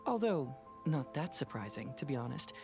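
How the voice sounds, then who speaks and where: A man's voice: mid-range voice, sing-song, moderate pace, a little mellow. An actor playing a sly, self-assured young male detective with a wry way of talking, over game music. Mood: smug.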